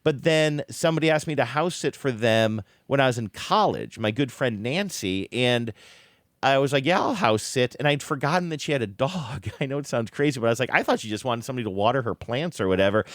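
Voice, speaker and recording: A man co-hosting a podcast, telling a long story in a rambling, animated way and often correcting himself. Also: medium pitch, brisk, no room sound, studio quality. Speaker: podcast co-host. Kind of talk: casual chat.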